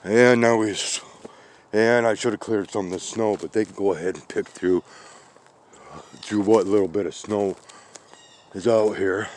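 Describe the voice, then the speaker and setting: Slow-talking low-voiced man outdoors, out of breath. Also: fairly even intonation. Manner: slow, rambling, talks to the cats. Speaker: vlogger feeding outdoor cats and birds. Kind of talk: casual outdoor vlog narration. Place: outdoors in snow, backyard. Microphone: handheld camera.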